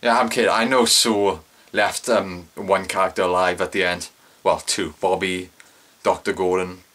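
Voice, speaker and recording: A man's voice: deep voice, level tone, moderate pace, fairly bright tone. A young man giving a casual solo review of a TV episode, rambling and correcting himself, with exaggerated cringing asides.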